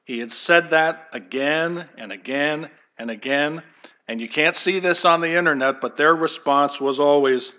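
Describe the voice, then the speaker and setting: A man's voice: a little high, unhurried, pushed and bright. A man preaching a conversational sermon to his congregation, with light humor and asides. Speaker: pastor.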